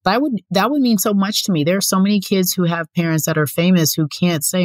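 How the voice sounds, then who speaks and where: A woman's voice: on the low side, fairly quick, hardly any pauses, no room sound. A woman hosting an interview, talking in an emphatic, insistent way. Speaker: host. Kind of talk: warm conversational interview.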